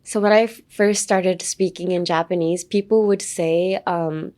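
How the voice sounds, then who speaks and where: A woman's voice: steady tone, measured pace, dark tone. A young woman with an American accent and English as her first language, teaching English pronunciation on a podcast in a chatty, playful way. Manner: chatty and playful, acting out lines with big pitch jumps. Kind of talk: casual podcast English lesson.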